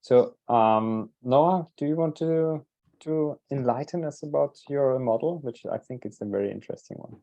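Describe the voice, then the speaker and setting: Halting man moderating an online panel. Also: mid-range voice, mellow. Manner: halting, many fillers and restarts.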